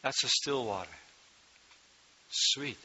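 Slow, forceful preaching man, lo-fi. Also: medium pitch, lively intonation, a little hiss or hum. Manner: slow, emphatic preaching that swells loud on key words. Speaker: pastor. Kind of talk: sermon. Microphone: microphone. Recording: dull lo-fi sound.

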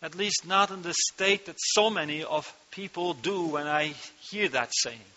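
Man, pastor, sermon, slow emphatic delivery, bright tense voice, dull lo-fi recording. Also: on the high side. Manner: slow, emphatic preaching that swells loud on key words. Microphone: microphone. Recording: dull lo-fi sound.

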